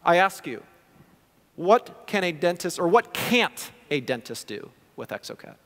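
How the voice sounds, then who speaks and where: A man, a prosthodontist, giving a conference lecture in an animated way, often acting out what his patients say. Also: sits high, measured pace. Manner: animated, acts out patient quotes. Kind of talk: conference talk. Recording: reverberant lecture hall.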